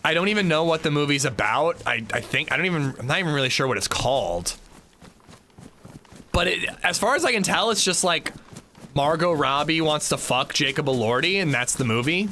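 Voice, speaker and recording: A man talks his way through a game livestream in loose, rambling chat with casual swearing. His tone is bright and forward, and his pitch rises and falls with a lot of life. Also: expressive, fairly quick, a little hiss or hum. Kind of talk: casual gameplay commentary.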